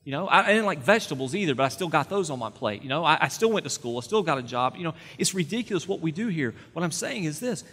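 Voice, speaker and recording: A man's voice: fairly high pitch, a bit bright, breathy edge. Conversational male pastor in a reverberant hall. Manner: conversational, repeats words, rises to emphatic peaks. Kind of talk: sermon.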